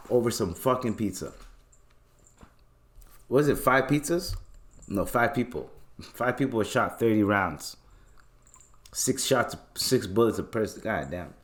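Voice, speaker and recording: Young man, podcast host, slangy casual rant, animated, mid pitch. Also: measured pace, pauses often. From Canada. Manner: loose, slangy and animated, acts out voices in bits.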